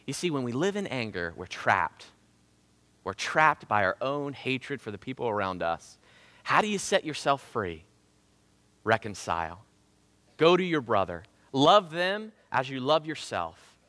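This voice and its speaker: A middle-aged pastor with a Southern Ohio accent preaches in a bright, lively voice, swinging his pitch all over and cracking self-deprecating jokes. His voice rings out through a church hall with a long reverb. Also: a little slow. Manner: animated, self-deprecating, jokey asides. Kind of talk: sermon. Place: church sanctuary.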